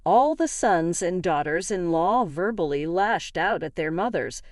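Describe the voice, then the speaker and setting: A woman with a fairly low voice narrates a dramatic first-person family story a little slowly, in a dry, studio-quality recording. She reads every character's lines in an even narrating voice that stays much the same throughout.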